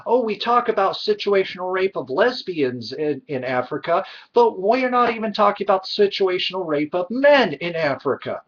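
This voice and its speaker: A man's voice: high voice, sing-song, normal speed, hardly any pauses. Indignant ranting man, lo-fi audio. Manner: indignant, emphatic, frustrated. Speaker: vlogger. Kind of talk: heated opinion rant to camera. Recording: dull lo-fi recording.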